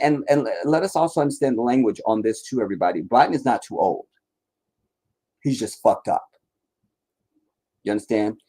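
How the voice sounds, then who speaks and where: A man's voice: medium pitch, warm tone, poor audio. A man giving casual live-stream political commentary in a blunt, rambling, profane rant.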